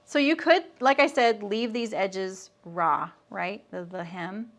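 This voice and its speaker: A middle-aged woman hosts a live sewing lesson, talking casually as she sews. She breaks off to answer viewers' comments and keeps a relaxed, friendly, rambling flow. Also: mid-range voice, slow. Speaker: sewing instructor.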